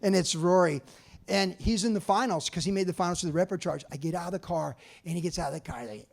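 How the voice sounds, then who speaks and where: A man in his sixties from California, telling lively stories at a museum talk and acting out other people's lines. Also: high-pitched, fast, gravelly. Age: 60s. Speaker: author giving a talk. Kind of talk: storytelling presentation. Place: museum talk before an audience.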